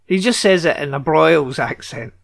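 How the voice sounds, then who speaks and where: A man's voice: on the high side, expressive, normal speed, vocal fry, dry recording. A man hosting a podcast, recapping a TV episode in casual chat with sarcastic asides and casual swearing.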